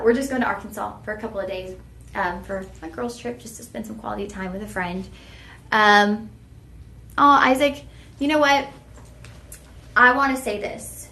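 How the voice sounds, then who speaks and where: A woman's voice: mid-range voice, bright, forceful tone, reverberant. A woman hosting a live shopping stream, chatty and heartfelt, talking straight to her viewers. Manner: chatty, heartfelt, folksy "y'all" address. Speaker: shopping channel host.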